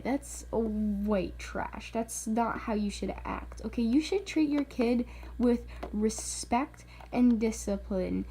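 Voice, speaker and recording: A woman's voice: high voice, a little mellow, slight background noise. A woman vlogger telling a story in casual chat, filler-heavy and quoting voices with animation. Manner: chatty, filler-heavy, often says "like".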